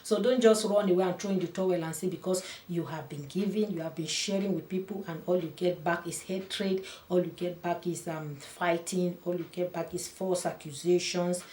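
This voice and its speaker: A woman's voice: lowish voice, steady tone, moderate pace, hardly any pauses. Woman, pastor, sermon, earnest and emphatic, echoey room. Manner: earnest preaching, rising to loud emphatic peaks.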